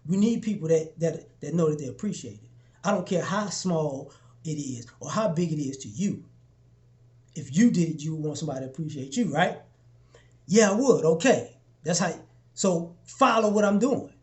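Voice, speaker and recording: A young man giving a casual motivational talk to his followers, preaching and repeating himself, often acting out little exchanges in a lower voice. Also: expressive, moderate pace, a little mellow. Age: young adult. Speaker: motivational vlogger.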